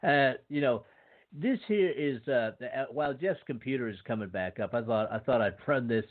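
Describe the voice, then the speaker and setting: A male radio host talks casually and chummily, rambling with plenty of hesitant fillers. His voice sits at an ordinary pitch. It carries the narrow, tinny sound of a phone line. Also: animated, normal speed.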